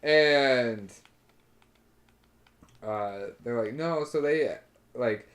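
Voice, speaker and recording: A man's voice: medium pitch, extremely slow, a bit bright. A young man co-hosting a podcast, telling a rambling story in casual chat, swearing often and acting out his friends' lines. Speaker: podcast co-host.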